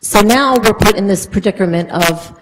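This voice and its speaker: A woman's voice: mid-range voice, normal speed, background noise. A woman resident speaking earnestly at a town council meeting, explaining at length with frequent fillers. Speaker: resident speaking at public comment. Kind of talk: public comment at a council meeting.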